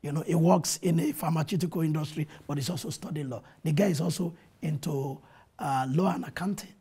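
Pastor guy on a tv interview, dark mellow voice, really husky, quotes scripture earnestly. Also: a little high, a little fast. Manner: earnest preacher quoting scripture, animated retelling. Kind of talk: testimony in a TV interview. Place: TV studio.

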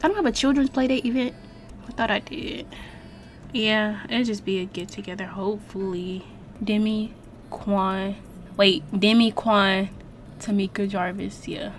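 A young woman chatting casually as she streams a life-sim game, talking to her viewers and the characters with slangy, animated exclamations. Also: medium pitch, unhurried, pauses often, a little hiss or hum. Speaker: gaming streamer. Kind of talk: casual let's-play commentary.

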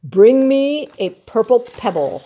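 A grandmother voicing a large, mysterious magic lizard in a storybook, speaking slowly and solemnly. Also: fairly high pitch, sing-song, dark tone, voice pushed up, heavily acted.

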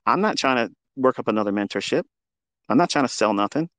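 A man with a mid-range, fairly bright voice hosts a live audio room, talking fast and expressively in a profane ranting monologue. He's combative and taunting, swearing heavily, on a dry recording over a remote audio call.

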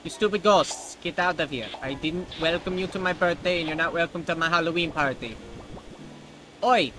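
A man's voice: a little high, a little fast, over music, poor audio. A man hosting a let's play, giving casual gameplay commentary with sarcastic jokes aimed at the game. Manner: sarcastic and jokey, talks back to the game.

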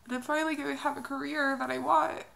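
Tearful young woman with a gravelly voice. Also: high voice, steady tone, noisy background. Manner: halting, hesitant, soft. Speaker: vlogger. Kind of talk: emotional personal vlog.

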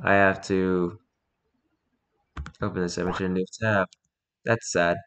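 A man's voice: low-pitched, fairly even intonation, measured pace, fairly bright tone. A man reading online posts and jokes aloud in a casual comic way, wry, exclaiming and mildly cursing.

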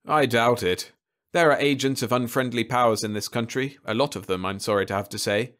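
A man doing a precise, measured colonel. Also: mid-range voice, fairly bright tone, natural voice. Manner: precise, matter-of-fact. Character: measured older male army colonel.

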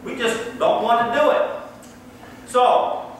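A man's voice: very high voice, steady tone, slow, slight background noise. A man preaching a sermon in a church, telling stories and asking the congregation questions in a conversational way. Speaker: pastor. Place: church sanctuary. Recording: echoey church hall from far off.

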